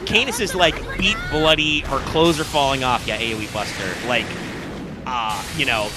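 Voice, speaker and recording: A man's voice: mid-range voice, normal speed, over music, a crowd in the background. A man co-hosting a casual gaming podcast, rambling with lots of fillers and restarts and casual swearing. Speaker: podcast co-host. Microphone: live stream microphone.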